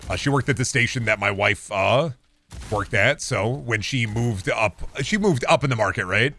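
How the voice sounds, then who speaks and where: A married man streaming a video game, rambling sarcastically and insisting in mock calm that he is not mad. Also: mid-range voice, moderate pace. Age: adult, married. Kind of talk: casual gameplay chat.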